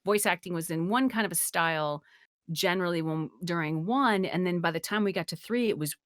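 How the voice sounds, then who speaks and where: Expressive woman in a casual chat. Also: lowish voice, brisk, dry recording, clean studio sound. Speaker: guest voice actor.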